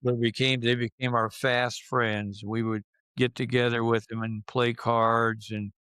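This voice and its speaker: A man in his seventies, reminiscing in a casual interview and speaking slowly, with many fillers and restarts. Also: mid-range voice, level tone, a bit bright, smooth, no room sound. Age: 70s. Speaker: interviewee recalling his youth.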